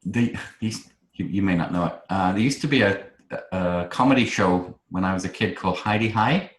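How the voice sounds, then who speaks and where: A man's voice: lowish voice, fairly quick, echoey room, rough recording. A man from England in casual chat as host, friendly and talkative with frequent restarts. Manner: chatty and friendly, with many restarts.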